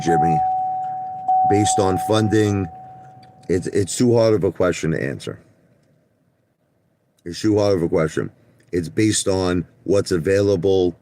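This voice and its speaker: Blunt low-voiced man ranting on a livestream. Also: a little mellow. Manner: blunt, repetitive, stumbles and restarts; talks straight to chat viewers by name. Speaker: livestream host. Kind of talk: ranting live stream talk.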